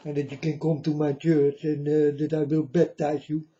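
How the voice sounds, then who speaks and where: A man's voice: a little high, level tone, moderate pace, dark tone. A man hosting his own channel, delivering a blunt, scornful, preachy ranting monologue. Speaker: channel host. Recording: dull lo-fi recording.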